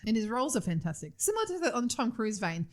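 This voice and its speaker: A woman's voice: a little high, big pitch swings, fast, darkish tone. Chatty Australian woman, middle-aged. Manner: laughs often, chatty and enthusiastic. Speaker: podcast co-host. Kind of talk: casual chat.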